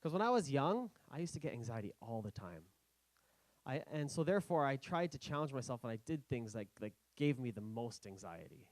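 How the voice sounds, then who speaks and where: A young man giving a casual personal talk, halting and self-correcting with many fillers, acting out his past worries. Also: medium pitch, no echo, rough recording. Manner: animated, acting out his own past thoughts. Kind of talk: casual storytelling speech.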